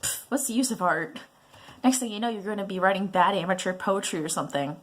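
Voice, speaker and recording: A woman's voice: mid-range voice, expressive, fast, lightly acted. A woman reading a breezy, oblivious dad. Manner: breezy, dismissive. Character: oblivious, joking middle-aged father.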